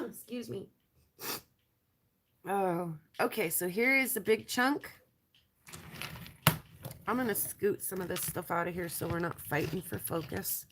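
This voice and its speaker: A woman with a stuffy nose and a raspy voice from allergies, chatting casually on a live stream as she shows rocks and trails off with ums. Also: on the low side, unhurried, long pauses, background noise. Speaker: lapidary showing rocks to viewers.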